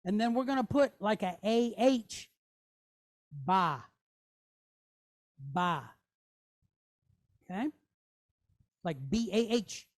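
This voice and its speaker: A woman's voice: medium pitch, expressive, slow, long pauses, no room sound, studio quality. A woman teaching a class in a chatty way, often checking in with "okay?" and "right?". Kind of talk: classroom lesson.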